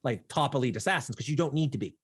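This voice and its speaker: A man co-hosting a podcast in casual chat, explaining points in a measured, step-by-step way. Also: mid-range voice, expressive, breathy edge. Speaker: podcast co-host.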